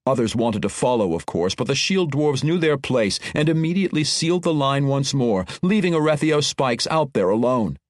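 A man narrating an epic fantasy audiobook in an expressive, dramatic reading. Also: mid-range voice, moderate pace, hardly any pauses, dry recording, clean studio sound. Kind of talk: scripted narration.

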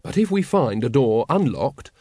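A man's voice: medium pitch, big pitch swings, normal speed, warm tone, dry recording, clean studio sound. A man voicing a zealous, earnest young recruit who takes everything literally.

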